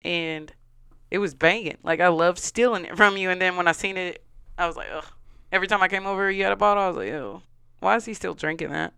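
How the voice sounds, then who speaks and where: A woman's voice: fairly low pitch, fairly even intonation, fast talker, a bit bright, clean tone, no room sound, clean studio sound. A woman co-hosting a casual podcast with her brother, chatty and teasing with frequent giggles. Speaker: podcast co-host.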